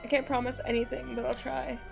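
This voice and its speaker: A woman's voice: high-pitched, little pitch movement, quick pace, creaky, music in the background. A woman reading the lines of a young male investigator with no memories in a game, plain and earnest.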